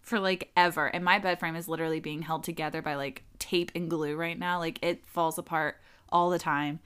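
A young woman in her twenties co-hosting a podcast from a living room, chatting casually and telling quick, giggly stories. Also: deep voice, little pitch movement, fairly bright tone, clear, resonant tone. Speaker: podcast co-host. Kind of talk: casual chat.

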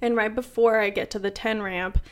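A woman's voice: medium pitch, fairly even intonation, normal speed. A young woman, co-hosting a casual podcast and telling a story with lots of fillers and swearing. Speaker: podcast co-host. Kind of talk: casual chat.

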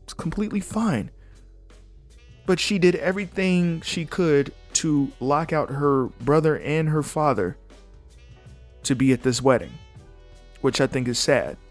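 A man's voice: a little high, animated, unhurried, long pauses, soft background music. A young man hosting a podcast alone, talking casually and bluntly, reading news articles aloud and breaking in with his own opinions. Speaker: podcast host. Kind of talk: casual solo commentary.

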